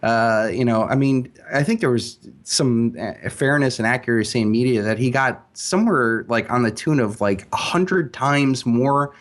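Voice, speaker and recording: Man, interview guest, middle pitch, emphatic, animated, lots of fillers. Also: moderate pace, hardly any pauses. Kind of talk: casual interview talk.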